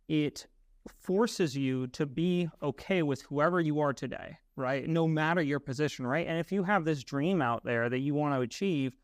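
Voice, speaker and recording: A man's voice: a little high, dry recording, studio quality. A young man from Massachusetts co-hosting a podcast, talking things through reflectively and often checking in with "right?". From Massachusetts, USA. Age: young adult. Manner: reflective, uses fillers like "right?" and "you know". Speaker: podcast co-host. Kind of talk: casual podcast discussion.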